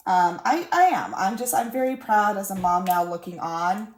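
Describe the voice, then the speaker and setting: A woman's voice: mid-range voice, moderate pace. A woman in her thirties chatting casually about her week while crafting at home, full of fillers and little laughs. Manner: chatty, warm-hearted storytelling with laughs and fillers. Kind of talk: casual chat. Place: room at home. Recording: roomy echo.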